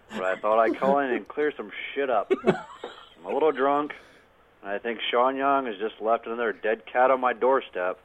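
A man's voice: mid-range voice, phone-quality sound, close to an everyday voice. A man doing a drunk, foul-mouthed movie star. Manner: rambling, profane, mocking. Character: drunk, crude male movie star ranting. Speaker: caller.

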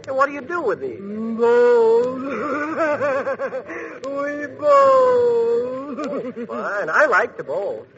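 A man's voice: very high-pitched, big pitch swings, very slow, vocal fry, pauses often, fairly bright tone, exaggerated voice. Breezy fearless boy hero. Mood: joking. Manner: breezy, joking, unflappable. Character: fearless cheeky young hero Bud, a boy. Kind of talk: 1940s radio acting. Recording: dull old radio broadcast with hiss.

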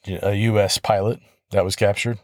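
Low-voiced man hosting a relaxed podcast. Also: moderate pace, no room sound, studio quality. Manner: relaxed and conversational, with soft laughs and restarts. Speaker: podcast host. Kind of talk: casual solo podcast storytelling.

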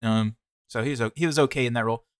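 A man cohosts a podcast in a relaxed way, trading dry jokes. His voice sits at an ordinary middle pitch, and the recording is close and dry. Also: fast talker, dry recording. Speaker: podcast co-host. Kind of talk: casual chat.

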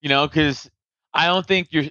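A man chatting casually on a podcast, profane and animated, acting out comedians' jokes with a raised voice. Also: fairly high pitch, normal speed, no echo, muffled recording. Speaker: podcast host.

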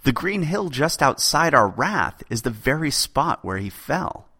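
A man doing a steady young king. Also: mid-range voice, unhurried, husky, voice pushed up, full character voice. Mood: firm.

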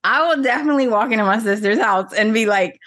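With a fairly high, slightly bright voice, a woman talks at a quick pace during casual podcast chat she co-hosts. She vents dramatically, full of playful energy.

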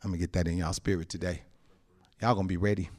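A pastor preaching a sermon, dropping frequent amens and chuckles, moving between soft, low asides and loud, high exclamations. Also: male voice, little pitch movement, quick pace.

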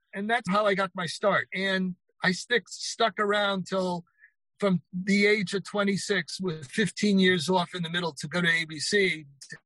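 Older male guest, high-pitched, spins anecdotes with quoted voices, close dry mic. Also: no echo, rough recording. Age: 60s. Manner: animated retelling with quoted voices. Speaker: author guest. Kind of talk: anecdotal interview storytelling.

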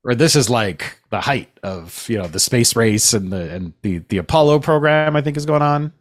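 A man's voice: medium pitch, lively intonation, moderate pace. A man co-hosting a casual chat, easygoing, with frequent laughs and fillers like "you know". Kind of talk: casual chat about a film.

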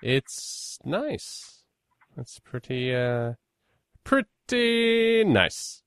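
A man's voice: medium pitch, very animated, extremely slow, a bit bright, clear, resonant tone, no echo, clean studio sound. A Minnesotan man hosting a podcast, chatting casually in a rambling, self-deprecating way with plenty of fillers. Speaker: podcast host. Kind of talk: casual conversation.

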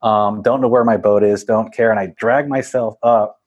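Husky-voiced man telling a rambling story. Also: fairly low pitch, fairly even intonation, normal speed, darkish tone. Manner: rambling, laughs often, acts out voices of others. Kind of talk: casual storytelling.

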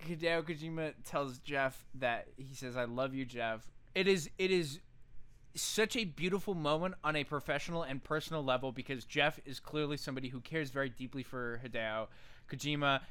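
A man chats on a podcast in a rambling, heartfelt way, full of "like" and restarts. His voice is bright and clear, slightly high. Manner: rambling, emotional, crude jokes. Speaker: podcast co-host. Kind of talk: casual chat.

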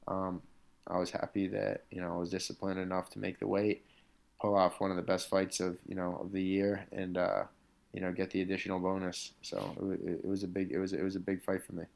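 The voice is a man's, low-pitched and a little mellow with some creak, delivered completely flat at a fairly quick clip. An MMA fighter and interview guest, he rambles casually through stories of his fighting career, peppered with "like" and "you know."

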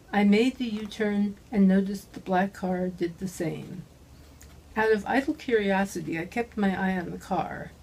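A woman's voice: mid-range voice, a little mellow, a little hiss or hum, rough recording. Woman reading a hardboiled mystery. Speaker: author reading her own novel. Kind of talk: scripted first-person narration.

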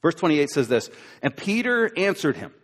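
A pastor giving a sermon, telling a story and acting out its scenes with voices and asides to the crowd. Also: male voice, a little high, big pitch swings, normal speed, a bit bright. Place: church auditorium. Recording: live church recording with long hall reverb.

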